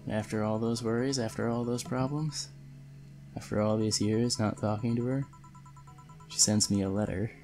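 A man's voice: fairly low pitch, fairly even intonation, moderate pace, warm tone, soft background music, close to an everyday voice. A man reading the lines of a weary, guarded young woman bartender in a game, with little change to his voice. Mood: brooding.

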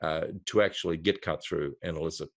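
A man who is a marketing consultant, a guest in an interview, explaining his ideas through a lively step-by-step storytelling example. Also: rumbling low, brisk.

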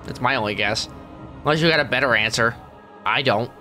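A let's play gamer speaks as a weary, grumpy middle-aged male squid, offering sarcastic, grumbling commentary with deadpan asides during gameplay. He talks briskly at medium pitch with his voice pushed down, and soft music plays behind him.

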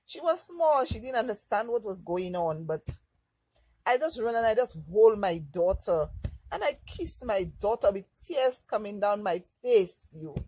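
A woman's voice: medium pitch, animated, measured pace, mellow, slightly rough, rough recording. A woman from Lucia, telling a candid, emotional story for her vlog. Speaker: vlogger.

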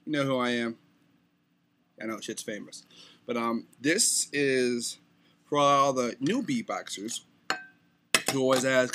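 A man's voice: medium pitch, normal speed, long pauses, a bit bright. A young man making a casual beatbox tutorial, talking loosely and stumbling over words. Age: young adult.

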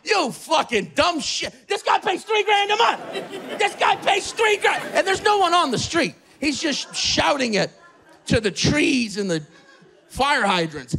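A man voicing a loud, outraged old-school New retiree, ranting in disbelief. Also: very high-pitched, very animated, measured pace, gravelly, some chatter behind, pitched above the performer's own voice, full character voice. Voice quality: shouting, incredulous ranting.

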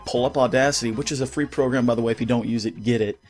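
A man's voice: mid-range voice, steady tone, racing, darkish tone, soft background music. A man ranting in a casual vlog on a studio mic with a pop filter, heated, profane and rambling. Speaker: gaming YouTuber. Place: home recording setup.

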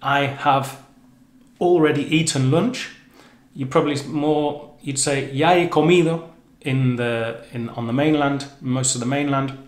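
A man talks through a lesson in a loose, chatty way, often correcting himself mid-word. His voice sits at an ordinary middle pitch. The room around him adds a clear echo. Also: fairly even intonation, a little slow. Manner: chatty, self-correcting explanations. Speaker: language teacher. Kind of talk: educational explainer. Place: living on the Canary Islands.

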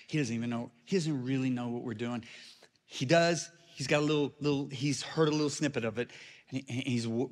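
A middle-aged man preaches a storytelling sermon at an ordinary middle pitch. He drops into quiet asides and then climbs to loud, emphatic peaks. A long reverb from the big church hall trails each phrase. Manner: animated, swings from hushed to shouting.

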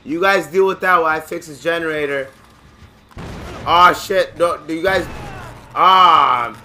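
A young man talks through a horror game in loose, profane, joking commentary. His voice is very bright and a touch high, with a faint hiss underneath. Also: steady tone, normal speed. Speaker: gaming channel host. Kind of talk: casual gameplay commentary.

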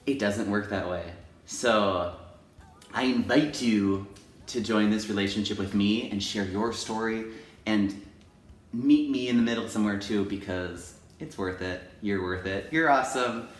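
Expressive man vlogging in an echoey room. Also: unhurried. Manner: expressive, jumps into high acted inner voices; ends softly with self-affirmations. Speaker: teacher and video blogger. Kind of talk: personal confessional vlog.

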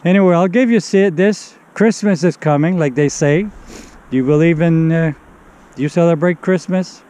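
Earnest pleading middle-aged street preacher. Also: male voice, on the high side, normal speed, mellow, clean tone, low-quality recording. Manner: earnest, pleading, keeps urging. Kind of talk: one-on-one street evangelism. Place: outdoors in a city park in winter.

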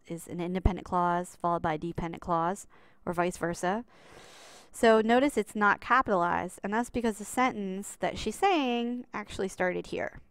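A woman's voice: medium pitch, fairly bright tone, clean tone, dry recording. A woman teaching a writing lesson, patient and explanatory, stressing the key rules as she walks through examples. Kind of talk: classroom writing lesson over slides.

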